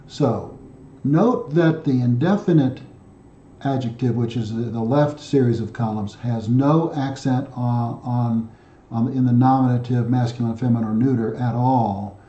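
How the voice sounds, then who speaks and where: Male teacher, very dark mellow tone, methodical and repetitive delivery; roomy, slightly muffled recording. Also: mid-range voice, unhurried, a little hiss or hum. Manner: methodical, repeats himself with frequent fillers and restarts. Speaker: Greek teacher. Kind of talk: explaining grammar exercises.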